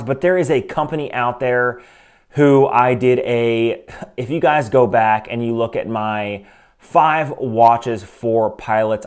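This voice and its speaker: Opinionated man reviewing a watch. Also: medium pitch. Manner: opinionated, conversational, frequent asides. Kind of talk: casual product review. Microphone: desk microphone.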